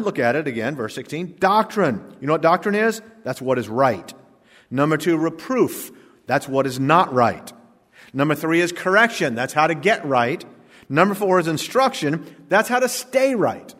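A man preaching a sermon as pastor, his voice sitting a little high. He is emphatic, drawing out the words he wants to land and swinging from hushed to loud. The sound rings with long reverb, as in a big hall. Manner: emphatic, slows down to stress key words.

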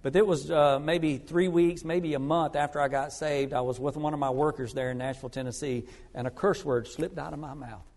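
A man preaching a sermon as an evangelist, telling stories earnestly and moving between loud emphasis and hushed asides. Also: fairly high pitch, steady tone, fairly quick, hardly any pauses. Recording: long reverb of a large hall.

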